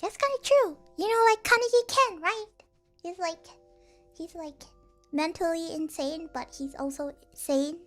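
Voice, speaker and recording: A woman's voice: very high-pitched, measured pace, faint music behind. A young woman streaming casually, rambling and giggling, acting out the people she quotes. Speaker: vtuber streamer.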